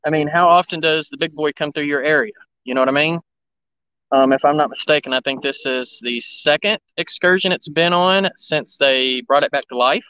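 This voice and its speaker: A man's voice: a little high, normal speed, pushed and bright, smooth, dry recording, poor audio. A man live streaming from a cell phone beside railroad tracks, chatting casually and greeting viewers by name. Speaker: railfan livestreamer. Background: background noise, running engines.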